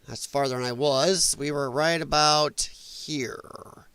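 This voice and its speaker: A man hosting a casual reaction livestream, his voice strained and damaged from breathing trouble, blunt and opinionated and quick to swear. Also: fairly high pitch, fairly even intonation, fairly bright tone, smooth, no room sound. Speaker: livestream host.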